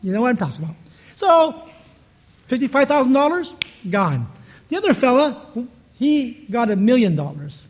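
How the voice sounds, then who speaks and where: Slight background noise sits under a male pastor's very high-pitched voice, which swings widely in pitch at a normal speed. He tells stories chattily in a conversational sermon, restarting sentences often.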